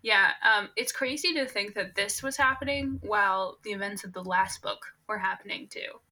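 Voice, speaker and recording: A woman's voice: medium pitch, moderate pace, bright, forceful tone. A woman co-hosting a podcast in casual chat, giving dry, teasing reactions to her co-host.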